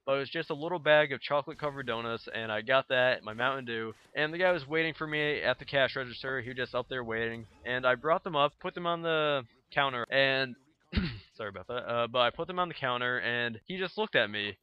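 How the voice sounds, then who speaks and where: A man's voice: medium pitch, brisk, smooth, highs cut off. Rambling young man telling a story. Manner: rambling, with many fillers and acted-out quotes. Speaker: gaming video host. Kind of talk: casual storytelling over gameplay.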